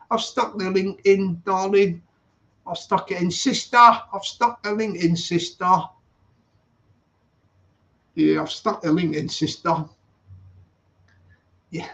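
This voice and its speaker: A man talks loosely on a live stream, his voice pitched high and gravelly with fry. He rambles and greets viewers one by one by name. The sound is dull and lo-fi. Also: a bit bright. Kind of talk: casual live-stream chat. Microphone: streaming setup.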